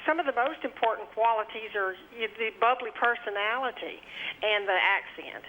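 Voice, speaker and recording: A woman who impersonates a singer, talking as a caller on the phone, bubbly and excitable. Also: on the high side, normal speed, a little hiss or hum. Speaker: caller, impersonator of a famous singer. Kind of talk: phone call. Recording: tinny phone line with crowd.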